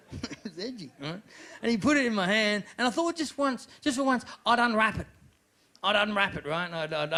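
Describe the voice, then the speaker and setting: A man performing a stand-up comedy set at a live show, telling stories with swearing and shouted rants. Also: high voice, gravelly. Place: live venue with audience.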